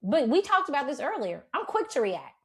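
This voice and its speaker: Animated woman chatting with lots of laughter. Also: sits high, fairly quick. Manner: animated, laughs often, swears casually. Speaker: podcast co-host. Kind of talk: casual chat.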